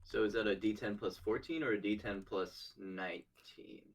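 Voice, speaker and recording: Low-voiced curious man asking about rules. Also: normal speed. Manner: curious, asks rules questions. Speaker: player. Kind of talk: casual chat at a game table.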